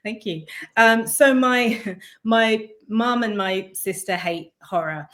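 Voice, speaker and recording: A woman's voice: on the high side, takes it slowly, a bit bright. A woman who is a film cast member, a guest telling anecdotes in a casual interview with laughter in her talk.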